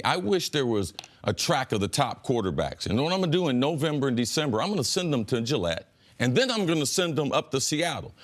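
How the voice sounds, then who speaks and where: Expressive, mid-pitched male analyst. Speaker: sports analyst, co-host. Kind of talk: sports debate talk.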